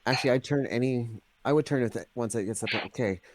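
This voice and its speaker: A man's voice: medium pitch, fast. A man playing a tabletop game, musing thoughtfully in and out of character. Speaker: player. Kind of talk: tabletop role-play.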